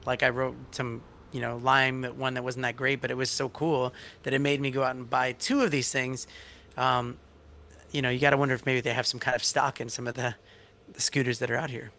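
Bright-voiced, rambling chatty man. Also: mid-range voice, flat delivery, a little fast. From outside Australia. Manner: chatty, rambling, lots of fillers and restarts. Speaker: stream co-host. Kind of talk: casual chat.

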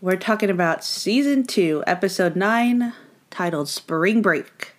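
A young woman co-hosting a podcast in casual chat, relaxed and agreeable, laughing easily. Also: medium pitch, measured pace. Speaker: podcast co-host.

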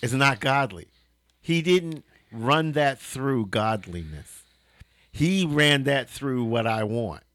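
A man co-hosting a casual Christian talk show, measured and agreeable. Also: medium pitch, animated, a bit bright, dry recording, studio quality. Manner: measured, agreeable, laughs often. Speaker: co-host of a Christian talk podcast. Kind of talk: casual faith discussion.

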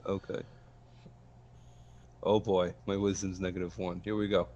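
A man playing a tabletop game, lively and given to excited outbursts. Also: deep voice, unhurried, dull audio, slight background noise. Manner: lively, rises into excited shouts. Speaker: player.

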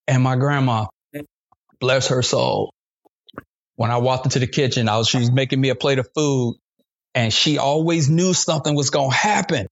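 A man's voice: medium pitch, moderate pace. A male comedian telling a long comic story in a loose, slangy and profane way. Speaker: guest comedian. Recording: dull lo-fi sound.

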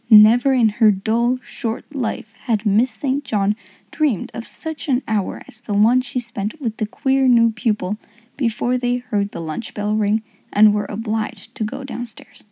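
A woman narrating a classic story in a soft, hushed, unhurried whisper. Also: a little high, dry recording.

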